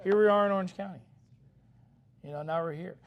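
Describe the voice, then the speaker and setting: A man with a notably high-pitched voice delivers a verse-by-verse sermon as a pastor. His talk stays casual, with frequent "okay?" check-ins. When he reads scripture, he slows down and lifts his voice. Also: lo-fi sound. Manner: conversational, often checks in with the congregation; reads scripture in a slower, raised voice. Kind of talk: expository sermon.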